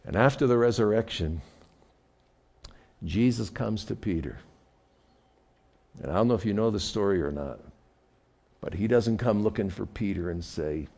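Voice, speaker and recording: A male pastor preaches a sermon loosely and conversationally, stumbling over and repeating words. His voice is low, rough, and a little mellow, with a gravelly fry. He keeps a moderate pace and leaves long pauses.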